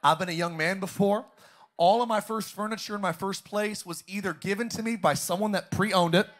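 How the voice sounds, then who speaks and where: A man's voice: sits high, brisk, fairly bright tone. A young adult man, a pastor, preaching a sermon in a church auditorium and drawing call-and-response from the congregation.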